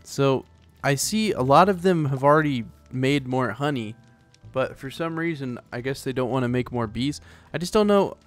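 A man's voice: medium pitch, lively intonation, normal speed, few pauses, soft background music. A man hosting a let's play, chatting casually and rambling as he plays, often talking to the animals in the game. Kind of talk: casual gameplay commentary.

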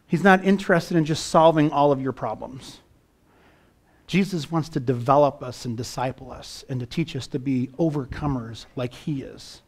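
A man's voice: mid-range voice, normal speed. A middle-aged man preaching a sermon as pastor, building fervor and firing rhetorical questions at his congregation.

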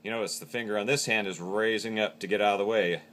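Man, instructor, low voice, bright forceful tone, step-by-step demo talk. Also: fairly even intonation, fast, a little hiss or hum. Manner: plain, step-by-step explaining. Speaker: game call instructor.

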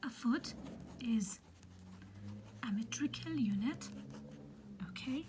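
A woman teaching a literature lesson in a soft, half-whispered voice, patiently explaining and filling pauses with "okay". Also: a little high, animated, a little hiss or hum, low-quality recording. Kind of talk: recorded lecture on poetic meter.

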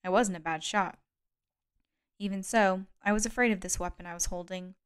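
A woman narrates a novel as an audiobook in a steady, measured way. Her voice is smooth and clear, set at an ordinary middle pitch. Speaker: audiobook reader.

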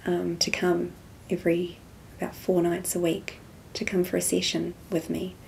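A woman speaks as an interview guest, telling a personal story in a low, fairly even voice. Her tone is mellow and soft-spoken. She recounts events as a spiritual testimony. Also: moderate pace, creaky, a little hiss or hum. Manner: soft-spoken storytelling, acts out quoted dialogue.

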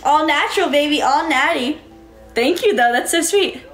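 Casting a bright-voiced woman streamer who is breezy and upbeat and reads out chat. Echoey room with faint music behind. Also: sits high, expressive, normal speed. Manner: breezy and upbeat, thanking viewers by name. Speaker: livestreamer. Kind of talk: casual live-stream chat reading out viewer comments.

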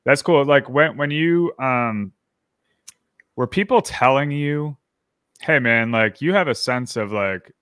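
A man's voice: mid-range voice, slow pace, fairly bright tone, smooth, dry recording. A man hosting a podcast interview, upbeat and rambling, full of fillers and restarts. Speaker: podcast host. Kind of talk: casual interview chat.

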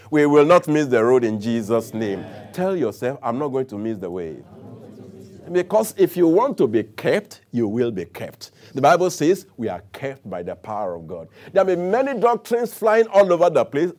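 A man's voice: mid-range voice, normal speed. A man preaching a sermon, calling on the congregation to answer and repeat after him. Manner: animated preaching with audience call-and-response.

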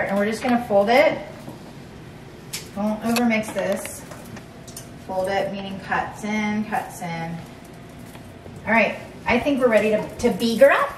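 A woman hosting a casual cooking demonstration, chatty and playful, talking straight to the viewer. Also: medium pitch. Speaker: cooking show host. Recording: echoey room, mic at a distance, steady background hum.

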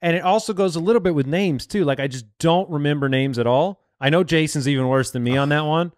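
Teasing higher-voiced man, podcast host. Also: no room sound, clean studio sound. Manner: teasing, quick to laugh. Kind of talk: casual comedic banter.

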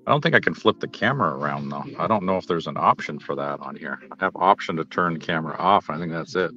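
A man chatting casually on a livestream from his phone while browsing a small comic book store, talking in a relaxed, rambling way. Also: low voice, fast, muffled recording, faint music behind. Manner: laid-back, rambling. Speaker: livestream panel guest. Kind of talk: casual chat.

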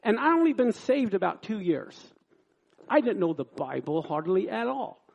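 A man preaching a sermon, reading scripture and telling a personal story in an animated way, acting out the people in it. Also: sits high, moderate pace, vocal fry. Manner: animated storyteller, acts out quoted lines loudly. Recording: dull lo-fi sound.

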